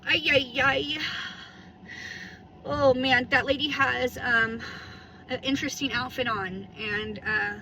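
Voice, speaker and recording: A woman's voice: sits high, steady tone, slow pace, long pauses, pushed and bright, a little hiss or hum, rough recording. A woman in her thirties chatting casually and rambling while she vlogs from her car on a phone camera. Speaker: vlogger. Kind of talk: casual driving vlog chat. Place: in a parked car.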